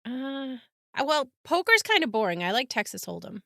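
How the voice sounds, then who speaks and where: A woman hosting a casual podcast, chatting and telling a story with frequent laughs and quick asides. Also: high-pitched, very animated, gravelly, a bit bright, no room sound, studio quality. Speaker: podcast host.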